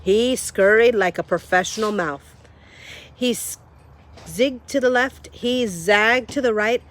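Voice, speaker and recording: A woman reading a children's novel aloud in a lively storytelling manner, speaking to the listener. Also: fairly high pitch, slow pace. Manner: lively storytelling, addresses the reader. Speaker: reader.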